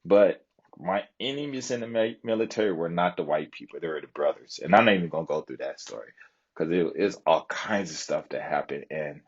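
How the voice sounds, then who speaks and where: A man's voice: low-pitched, lively intonation, fairly quick, husky, highs cut off. A man telling a long story on a live stream in a rambling way, with lots of fillers and asides. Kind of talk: casual storytelling chat.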